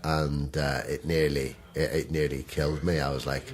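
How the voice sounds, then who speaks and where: Deep, husky-voiced man with lively delivery. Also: moderate pace. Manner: animated, laughs often, self-deprecating humor. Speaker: actor, podcast guest. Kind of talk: casual conversational interview.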